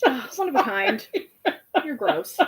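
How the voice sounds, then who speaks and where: Young woman in her twenties, chatty storyteller, relaxed fillers, a bit high-pitched. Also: measured pace, low-quality recording. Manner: animated storytelling with lots of fillers and asides. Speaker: guest telling a story. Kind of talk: casual chat.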